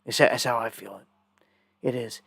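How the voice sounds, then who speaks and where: A man's voice: medium pitch, fairly even intonation, a little slow, creaky, a bit bright, breathy edge, no echo. Indignant man ranting on a live stream. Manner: rambling, indignant, conspiratorial. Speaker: live news commentator.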